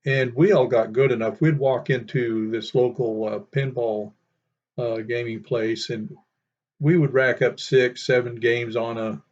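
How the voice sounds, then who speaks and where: Older male storyteller, slow and rambling; dull lo-fi recording. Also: medium pitch, fairly even intonation, darkish tone. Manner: rambling, with many fillers. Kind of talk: casual reminiscing. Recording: dull lo-fi sound.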